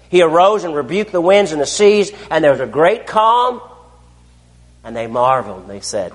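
Animated preacher in a reverberant hall. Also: male voice, a little high, normal speed. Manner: animated, rhetorical questions, swings between loud and hushed. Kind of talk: sermon. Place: church.

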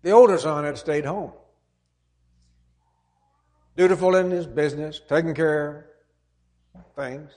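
Brief: a preacher with a fairly high voice, earnest and emphatic, retelling a parable in a sermon. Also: male voice, measured pace, long pauses, darkish tone.

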